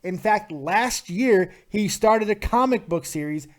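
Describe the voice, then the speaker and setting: A man with a slightly high speaking voice hosts a live call-in show. He is blunt and profane, and he launches into rants without holding back. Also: expressive, measured pace. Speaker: podcast host.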